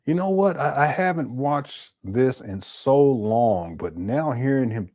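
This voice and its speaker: A man's voice: mid-range voice, lively intonation, unhurried, dark tone. A man hosting a live stream, commenting casually in a rambling way, often repeating and stumbling over his words.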